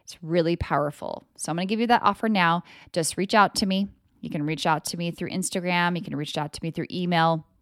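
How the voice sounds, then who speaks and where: Fairly even in intonation and on the low side, a woman speaks a little fast while hosting her motivational podcast as an energy coach, casual, emphatic, and profane, with loud mock voices thrown in. Clean studio sound, no echo.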